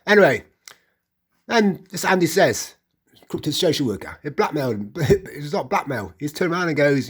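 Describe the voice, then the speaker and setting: Middle-aged West Midlands man, husky voice, rambling personal account with stammered restarts. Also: on the high side, expressive, normal speed. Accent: West Midlands English. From England. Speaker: vlogger.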